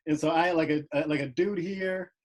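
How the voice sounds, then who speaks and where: A young Air Force veteran chatting casually, rambling with lots of fillers and restarts. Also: male voice, a little high, steady tone, fairly quick, poor audio. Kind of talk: casual chat.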